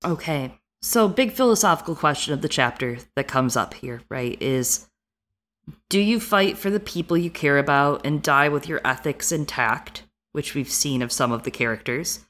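A woman with a Midwestern American accent co-hosting a podcast, animated and frank, swearing freely. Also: low voice, moderate pace. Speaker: podcast co-host. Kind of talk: casual podcast chat.

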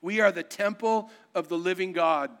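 A man preaching a sermon as pastor, swinging from hushed, intimate lines to loud, excited ones and acting out quoted lines in a casual voice. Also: high-pitched, moderate pace, smooth.

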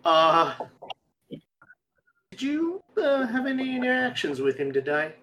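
A man playing a tabletop game, talking in a halting, filler-heavy way. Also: very high-pitched, sing-song, pushed and bright, slight background noise, low-quality recording. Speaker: player.

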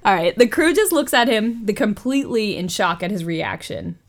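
This is a woman in the middle of a casual podcast story. Her voice sits at an ordinary pitch for a woman. She tells it in an animated way, swears freely, and breaks off into asides. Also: moderate pace. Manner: profane, animated retelling with asides. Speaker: podcast host.

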